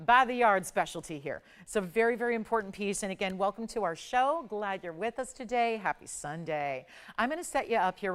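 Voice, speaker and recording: A middle-aged woman works a home shopping studio, her voice smooth and clear at an ordinary middle pitch. She pitches jewelry with upbeat, persuasive patter, building excitement as she counts the price down. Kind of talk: live TV jewelry sales pitch.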